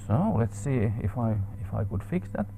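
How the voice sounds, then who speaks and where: A man lecturing at a seminar in a medium-pitched voice. He thinks aloud, with many pauses, fillers and restarts. The talk sounds technical and unscripted. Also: sing-song, vocal fry, dark tone, a little hiss or hum. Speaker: seminar speaker. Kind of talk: academic lecture. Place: seminar room.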